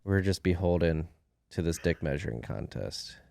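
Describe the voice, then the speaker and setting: Deep-voiced man hosting a podcast. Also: lively intonation, normal speed, vocal fry, mellow. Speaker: podcast host. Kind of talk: casual interview chat.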